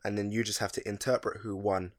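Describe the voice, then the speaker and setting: A man's voice: lowish voice, level tone, fast. A young man, co-hosting a podcast in slangy, laid-back banter. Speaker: podcast co-host. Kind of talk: casual chat.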